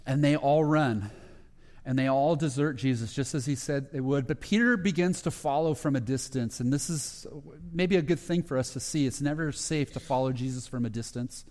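A pastor telling a Bible story as a sermon, acting out the quoted lines and growing hushed at the tender moments. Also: male voice, mid-range voice, moderate pace. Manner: retells scripture with quoted dialogue, dropping to a hushed voice at emotional moments. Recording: long hall reverb.

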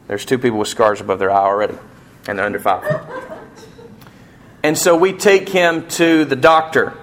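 Man preaching with passionate swings. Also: medium pitch. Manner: passionate storytelling, swinging from hushed to near-shouting. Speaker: pastor. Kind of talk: sermon.

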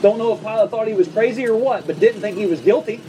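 Pastor, male, high and mellow, conversational sermon with humor, slightly distant mic. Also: a little hiss or hum. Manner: conversational preaching with quick asides and humor. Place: church service before a congregation.

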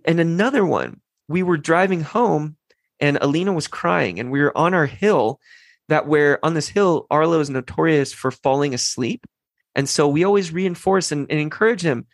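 A man in his thirties hosts a parenting podcast, casually and animatedly telling stories about his kids and quoting them in a lighter voice. His voice is a little high with vocal fry, and there's no echo.

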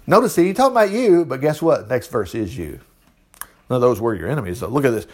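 Man preaching, middle-aged, folksy, leans in to his listeners, lively up-and-down delivery. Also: mid-range voice, fast. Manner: folksy and animated, addresses listeners directly, laughs often. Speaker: preacher leading a Bible study. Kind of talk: informal Bible teaching.

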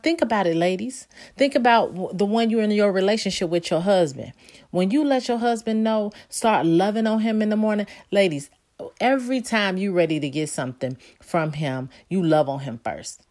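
A woman's voice: medium pitch, a little mellow. A woman who speaks, leading a devotional talk in a fervent, repetitive preaching style with spoken prayers. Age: adult.

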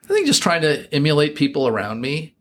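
A man's voice: on the high side, huge pitch swings, brisk, fairly bright tone. A middle-aged man with an American accent, chatting reflectively as an interview guest, full of fillers and restarts. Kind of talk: casual interview chat.

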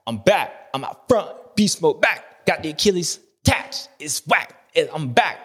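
A man's voice: a little high, very animated, a little slow, bright, forceful tone, slightly rough, voice pushed up, full character voice. A man doing a raised-voice impression of a bragging veteran male racer who chants his comeback. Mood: boastful.

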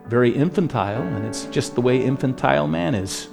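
A male pastor delivering a radio sermon, earnest, swinging between loud emphatic stretches and hushed, grave ones. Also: medium pitch, expressive, brisk, vocal fry, hardly any pauses, over music.

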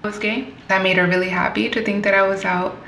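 A woman speaks candidly about her past in a gravelly voice with a touch of vocal fry, sitting a little back from the mic. The room is echoey and there is a faint hum of ambience. She stays reflective and laughs lightly at hard memories. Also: medium pitch, flat delivery, fast talker, a bit bright, far from the mic. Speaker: interview guest. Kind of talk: personal storytelling in conversation.

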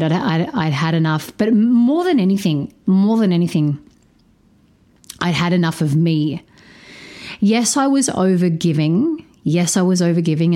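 A woman hosting a podcast, telling a personal story candidly, swearing freely and shifting her pace, sounding low on energy. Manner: animated, changes pace often. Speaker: podcast host.

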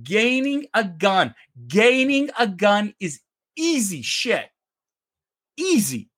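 A Canadian man co-hosting a heated debate, his voice pitched high. He rants with passion, swears often, and his voice swoops up and down as he argues. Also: very animated, slow, a bit bright. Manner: impassioned, ranting, swears. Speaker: co-host.

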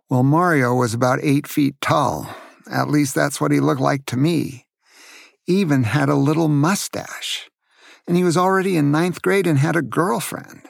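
Gravelly-voiced grandfather telling a story. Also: a little high, no echo, studio quality. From Santa Cruz, California. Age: older. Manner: gentle, asks the listener questions. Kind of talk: storytelling to children.

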